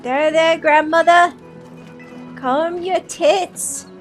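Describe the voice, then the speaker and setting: A woman's voice: very high voice, fairly even intonation, extremely slow, soft background music, voice pushed up, full character voice. A woman voicing a younger female halfling who is crude and bossy. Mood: brash.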